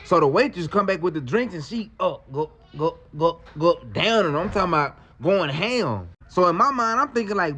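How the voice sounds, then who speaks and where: A man telling a story in a casual, slangy, animated way. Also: high voice, moderate pace, few pauses.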